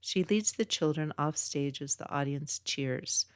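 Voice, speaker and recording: A woman, an author, narrating her book in a steady, measured reading. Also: sits low, smooth, dry recording, studio quality. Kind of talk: audiobook narration.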